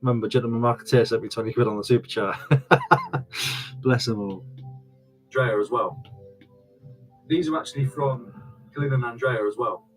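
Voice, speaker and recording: A man's voice: medium pitch, moderate pace, long pauses, soft background music, low-quality recording. A man chatting casually on a live stream, repeating himself and thanking viewers. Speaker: online reseller and streamer.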